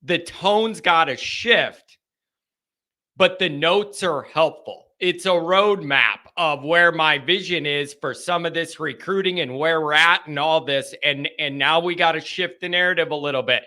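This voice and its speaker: High, forceful man hosting a live call-in. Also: unhurried. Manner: rambling, emphatic, repeats himself. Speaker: sports call-in show host. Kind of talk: casual live-stream talk.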